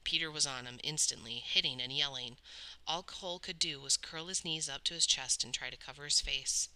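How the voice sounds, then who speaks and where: A woman's voice: deep voice, fairly quick, pushed and bright, poor audio. A woman reading a novel aloud with dramatic storytelling. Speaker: audiobook reader. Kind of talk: read-aloud novel narration.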